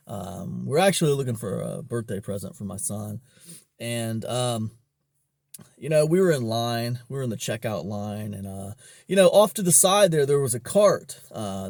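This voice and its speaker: A man's voice: mid-range voice, a little mellow, dry recording. Casting note: everyday man telling a store story to camera, loose and chatty, with a mid voice in a dead, dry room. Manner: rambling, many fillers and restarts. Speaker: online business vlogger. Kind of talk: casual storytelling monologue.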